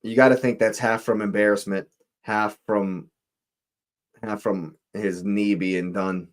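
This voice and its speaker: A man's voice: lowish voice, flat delivery. A man hosting a live football watch-along, reacting to the match in disbelief and repeating his phrases. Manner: exasperated, repeats phrases, slow deliberate delivery.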